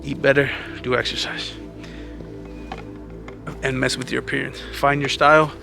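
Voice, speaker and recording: A man's voice: mid-range voice, level tone, moderate pace, vocal fry, over music. A man giving earnest, casual motivational advice in a vlog, a little out of breath, talking like a friend and calling the listener "man". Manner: earnest, conversational, says "man" often. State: slightly out of breath. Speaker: vlogger.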